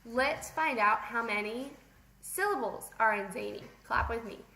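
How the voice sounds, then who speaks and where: A young woman leads a playful vocabulary lesson, chatting with a class only she can see. Her voice sits high and bright, and she takes her words slowly and deliberately. The sound rings in an echoey classroom. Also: vocal fry. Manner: playful, animated, talks to pretend students. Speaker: teacher.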